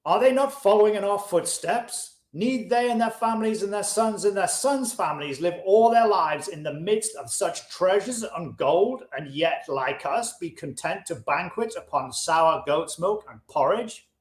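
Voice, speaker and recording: Here the man pitches above his own voice, sounding high and lively at a moderate pace with few pauses. He plays an earnest, discontented chariot maker, passionately reading old-fashioned English from a classic, audiobook-style, in a recording with roomy echo.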